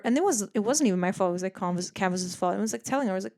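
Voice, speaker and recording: A woman's voice: mid-range voice, racing, hardly any pauses. Chatty young woman podcast host. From Netherlands. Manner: chatty and animated, swears freely, acts out quoted voices. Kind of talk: casual chat.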